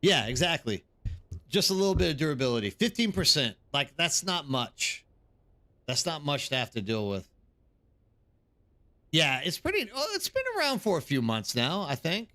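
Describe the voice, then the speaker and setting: A man's voice: on the high side, very animated, normal speed, long pauses, bright, forceful tone, no room sound. Tired, rambling male streamer. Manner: rambling, answers chat by name. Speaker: live streamer. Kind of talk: casual live stream chat.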